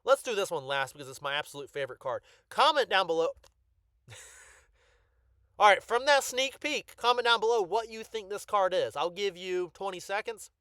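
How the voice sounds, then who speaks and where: Brief: excitable male collector-vlogger, voice on the high side, rambling with lots of ums, dry close recording. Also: moderate pace, dry recording. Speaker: card collector YouTuber. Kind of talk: casual collection showcase.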